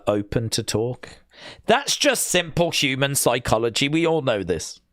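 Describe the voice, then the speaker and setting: A man's voice: medium pitch, fairly bright tone, no room sound, clean studio sound. A man hosting a live watch-along stream, chatting casually and joking in rambling asides.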